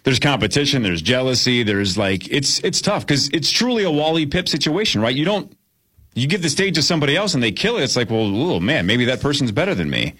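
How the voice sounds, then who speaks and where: A man's voice: mid-range voice, sing-song, fairly quick, a bit bright, husky. A man hosting a radio show, rambling and joking with a guest. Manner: rambling, joking, lots of fillers. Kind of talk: casual morning radio chat.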